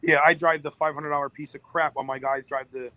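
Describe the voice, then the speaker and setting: A man's voice: on the high side, flat delivery, quick pace, crowd noise, poor audio. A man, a business-owner guest on a podcast, telling a long story in an emotional, rambling way.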